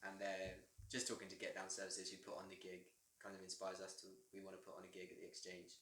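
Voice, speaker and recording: A man's voice: low-pitched, completely flat delivery, fast, a bit bright, echoey room, rough recording. A man who plays in a band, talking in a laid-back, rambling way that often trails off. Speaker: musician guest. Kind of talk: casual chat.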